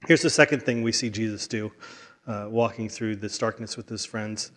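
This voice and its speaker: A man's voice: on the low side, steady tone, normal speed, fairly bright tone. A man preaching a sermon as a pastor, talking earnestly and often restarting his words.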